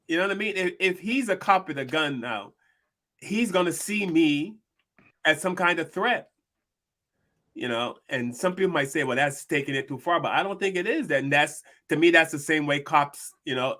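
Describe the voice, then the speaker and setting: A man's voice: fairly high pitch, pushed and bright. A man co-hosting a casual discussion show, telling a personal story and acting out the people in it. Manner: storytelling, acts out quoted people. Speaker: podcast co-host.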